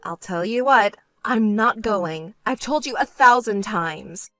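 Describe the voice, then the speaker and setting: A woman voicing a level-headed young woman who speaks in a cool, dry and curt way in an animated story. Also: medium pitch, takes it slowly, dry recording, soft background music. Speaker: narrating protagonist.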